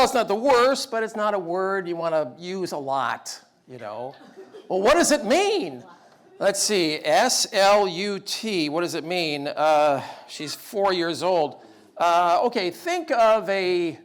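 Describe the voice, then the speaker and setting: A man giving a storytelling talk about fatherhood with wry, self-deprecating humor. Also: high voice. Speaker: public speaker.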